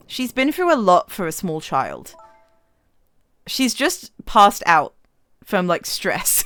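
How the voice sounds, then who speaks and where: A woman's voice: fairly low pitch, big pitch swings, slow pace, a bit bright, no echo. A woman streamer reacting to a game live, gushing, swearing and laughing often.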